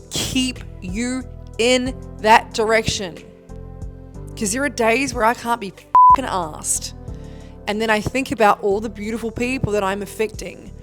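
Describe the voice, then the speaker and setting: A thirty-year-old woman, a business coach giving a motivational monologue, emphatic and swearing often. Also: a little high.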